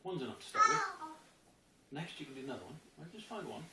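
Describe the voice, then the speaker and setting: Animated self-help teacher in an echoey room. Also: mid-range voice, fast. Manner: animated, acts out inner voices, keeps asking "right?". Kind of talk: spoken self-help lesson. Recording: roomy distant mic with background noise.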